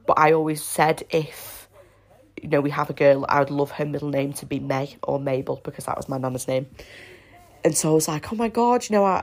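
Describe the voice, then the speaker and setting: A young woman telling a personal story on her podcast in a chatty, excitable way. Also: low voice. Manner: chatty, excitable, breaks off to coo at her baby. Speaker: podcast host. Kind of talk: casual storytelling.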